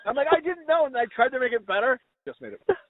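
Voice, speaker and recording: A man co-hosting a podcast, telling rambling, crude, self-mocking stories and acting out what people said. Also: rapid-fire. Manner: acts out quoted voices in high pitch. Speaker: podcast co-host. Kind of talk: casual storytelling chat. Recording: dry, phone-like lo-fi audio.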